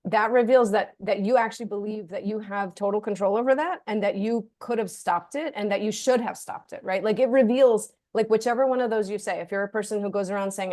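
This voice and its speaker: A woman speaking as a guest author in an easygoing conversation, chatty and full of "like," and she slips into quoted inner voices as she explains. Her voice sits at a middling pitch for a woman. The sound is dry and close, with no room echo. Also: brisk, dark tone. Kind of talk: casual conversational discussion.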